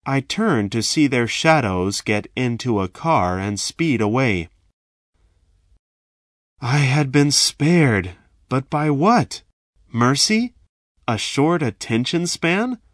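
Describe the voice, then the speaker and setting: Man reading his own story out slow, voice rising and falling a lot, dry close sound. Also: medium pitch, expressive, no echo. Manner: slow, measured, dramatic delivery. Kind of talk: first-person story reading.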